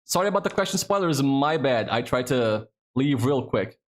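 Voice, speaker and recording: Male host, casual stream chat, swears easily, average pitch. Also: lively intonation, moderate pace. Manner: chatty, swears freely, thinks aloud. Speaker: streamer hosting a trivia game.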